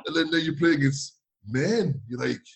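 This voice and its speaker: A man from France with a French accent, a guest telling animated anecdotes in a casual interview, acting out quotes and laughing often. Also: on the high side, moderate pace, gravelly. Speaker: guest, former footballer.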